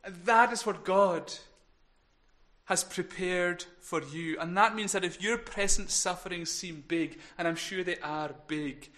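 A man preaching a sermon in an earnest way, building to emphatic peaks and then dropping quiet. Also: high-pitched, normal speed, few pauses. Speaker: pastor.

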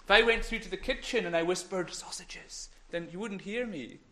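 A man with a high, light voice leads a children's talk in church. He is playful and encouraging, and at times sinks into a hush. He speaks into a microphone. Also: fairly quick. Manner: playful, encouraging, drops to whispers. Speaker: minister giving a children's talk.

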